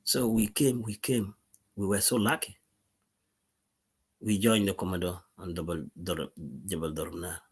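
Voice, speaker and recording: Man, South Sudanese accent, somewhat deep voice, husky, middle-aged, earnest veteran on a live stream, repeats words and restarts. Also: steady tone, a little slow, pauses often. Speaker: war veteran speaking to followers. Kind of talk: live social media monologue.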